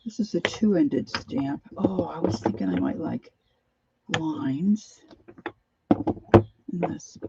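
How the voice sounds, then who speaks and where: Woman crafter, unhurried rambling talk, slightly dull home recording. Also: fairly low pitch, sing-song, creaky, heavy background noise. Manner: rambling, talks to herself while rummaging. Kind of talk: casual crafting chat.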